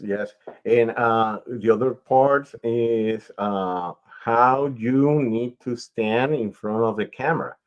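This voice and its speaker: A man's voice: medium pitch, dull audio. A man hosting a radio interview show, who also manages talent, giving long advice in a casual, explaining way. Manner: slow, advising, explains at length.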